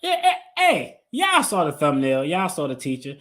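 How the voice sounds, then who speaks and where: A man's voice: fairly high pitch, wildly swooping pitch, normal speed, a bit bright. A man hosting a finance video, telling a story in a casual, playful way and acting out his own quotes. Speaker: attorney and finance video host.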